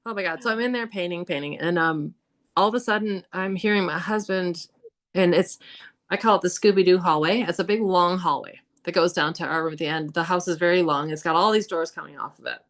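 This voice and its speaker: Lively storytelling woman, lower voice. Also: a little fast. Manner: animated, with laughs, many "like"s and acted-out quotes. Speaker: podcast guest. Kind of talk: casual storytelling about hauntings.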